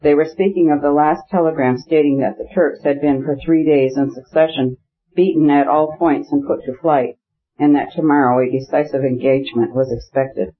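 A man giving a steady scripted narration of an audiobook. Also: fairly high pitch, moderate pace. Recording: dull lo-fi recording.

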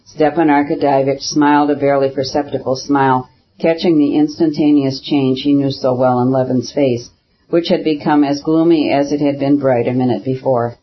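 A man narrating a classic novel as an audiobook, in a measured, even reading that keeps the characters' lines quiet. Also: medium pitch, muffled recording.

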